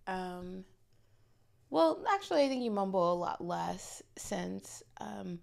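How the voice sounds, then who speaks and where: A woman co-hosting a podcast in casual chat, choosing her words deliberately. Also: medium pitch, lively intonation, gravelly, darkish tone. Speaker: podcast co-host.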